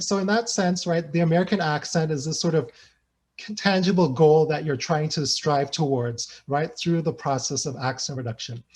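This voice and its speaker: A man giving an academic presentation over a video call, conversational, with hesitations and frequent "right?" tags. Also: fairly high pitch. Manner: thinks aloud with hesitations. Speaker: guest researcher presenting.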